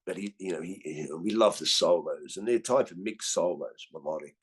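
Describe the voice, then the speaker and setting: Husky Australian man telling stories. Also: deep voice, normal speed. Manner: swears freely, tags lines with "right?"; animated storyteller. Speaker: guest comedian. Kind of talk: casual storytelling chat.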